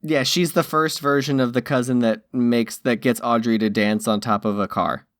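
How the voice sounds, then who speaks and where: A man's voice: medium pitch, fairly even intonation, normal speed, a bit bright, dry recording. Wry male podcast co-host, dry sound. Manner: wry, sardonic quips. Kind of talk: casual chat.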